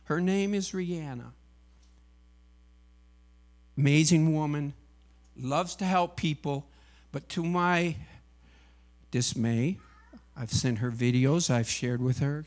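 Man, faith testimony, lively storytelling, slightly high voice. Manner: storytelling, acting out dialogue, emotional. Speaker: UPS driver and missionary. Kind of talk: personal testimony.

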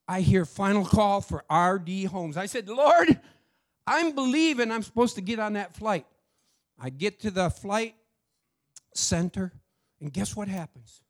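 A middle-aged man tells a testimony story from the pulpit. His voice sits high and swings widely as he acts out each exchange. He speaks with lively, heartfelt energy. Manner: animated storyteller acting out dialogue. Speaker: church speaker sharing a testimony.

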